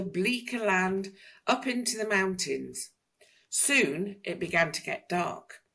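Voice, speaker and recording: A woman reading a children's picture book aloud in an expressive, sing-song manner. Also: fairly low pitch. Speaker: storyteller.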